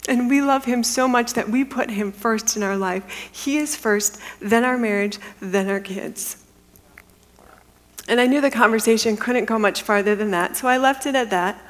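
A middle-aged woman giving a testimony as a sermon, telling her story earnestly and dropping into a hushed whisper for the quiet moments. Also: fairly high pitch, moderate pace. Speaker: women's ministry speaker. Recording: long hall reverb.

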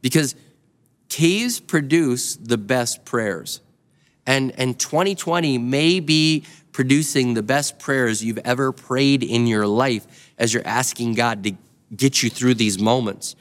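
A man's voice: mid-range voice, slow. A male pastor preaching a sermon in a nearly empty building, earnestly urging his listeners to act. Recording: long hall reverb.

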